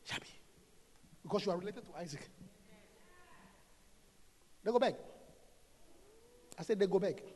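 A man preaching a sermon, shouting and calling out to the congregation in a sing-song way. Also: high voice, lively intonation, a little slow, pauses often, in a large hall.

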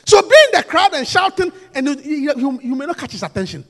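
A man preaching a sermon, emphatic and repetitive, swinging between hushed lines and shouts. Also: very high-pitched, very animated, a little fast, hardly any pauses, in a large hall.

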